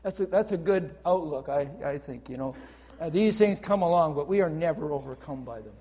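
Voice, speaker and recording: A man's voice: a little high, lively intonation, a little fast, mellow, slightly rough. A man preaching a sermon in an earnest way, reading scripture aloud and explaining it, often repeating his phrases. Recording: dull audio with long hall reverb.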